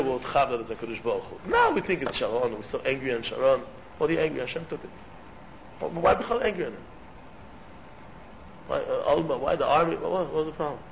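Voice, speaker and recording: His pace is brisk and his voice creaky as this religious teacher preaches animatedly to a room of listeners. He voices characters in his stories with abrupt pitch leaps, mixing in Hebrew and Yiddish words, all captured on a muffled recording with faint room noise.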